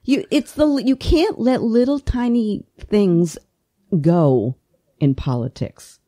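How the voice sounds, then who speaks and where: A woman hosting a political talk podcast, talking with passion, often restarting her sentences and climbing sharply in pitch when she gets worked up. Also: sing-song, mellow. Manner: impassioned, voice climbs when emotional; rapid, repetitive restarts. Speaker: podcast host. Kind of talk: political talk show discussion.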